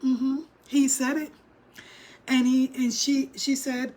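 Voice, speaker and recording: Chatty woman vlogger, highish voice. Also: little pitch movement, slow, darkish tone. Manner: chatty, talks straight to viewers and reads chat. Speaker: vlogger reacting to a video. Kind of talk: casual livestream commentary.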